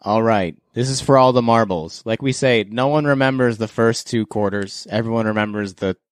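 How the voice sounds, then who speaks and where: A man's voice: fairly low pitch, moderate pace, no echo, studio quality. A Canadian man hosting a podcast, running a playful guessing game in a teasing quizmaster manner. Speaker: podcast host. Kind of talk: casual game-show chat.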